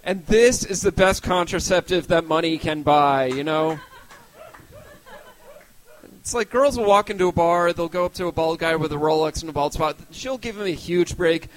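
High-voiced self-mocking male stand-up. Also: normal speed, rough recording. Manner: self-deprecating, rambling with restarts. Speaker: stand-up comedian. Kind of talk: stand-up set.

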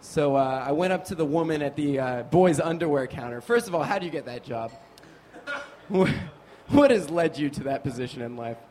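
A stand-up comedian from Nevada rambles through a childhood story in a high voice, mocking himself as he goes. His delivery is loose and halting, full of asides. Faint noise runs behind him. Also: animated, a little mellow.

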